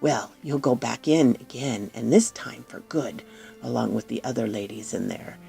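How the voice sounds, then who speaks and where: A woman voicing a menacing nobleman who murders his wives, speaking in a deep, hoarse voice with slow, threatening delivery. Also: warm tone, faint music behind, exaggerated voice. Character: menacing nobleman wife-killer, cold and threatening. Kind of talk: storybook narration with acted voices.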